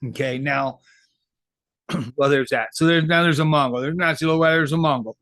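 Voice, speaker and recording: A man's voice: fairly high pitch, moderate pace, fairly bright tone, no echo, clean studio sound. Rambling, profane man on prison news. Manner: rambling, profane street talk. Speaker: formerly incarcerated commentator. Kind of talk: casual commentary.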